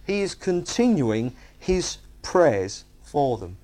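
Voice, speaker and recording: A man with a slightly high voice preaches a sermon slowly, animated and emphatic yet conversational. He often asks the congregation "you see?" to check they follow his point.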